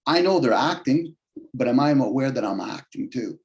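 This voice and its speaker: A man talking on a video call in a casual, rambling way, arguing his points and often jumping in pitch for emphasis. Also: animated, normal speed, creaky. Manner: rambling, argumentative, shifts pitch often for emphasis and quoted voices.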